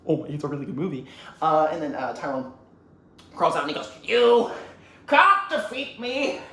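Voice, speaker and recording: Swearing freely and rambling, this young YouTuber recounts a movie scene with casual humor, talking fast in a slightly high, steady, fairly bright voice. There's a roomy echo and some faint ambient noise in the recording.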